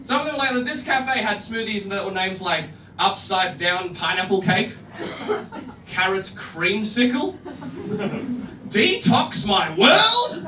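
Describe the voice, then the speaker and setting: Male stand-up, young, high lively voice, echoey club sound from a distance. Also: unhurried, noisy background. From Australia. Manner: animated storytelling, acts out other people's lines. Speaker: stand-up comedian. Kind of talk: stand-up comedy set. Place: comedy club stage. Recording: echoey club room from far off, audience laughter.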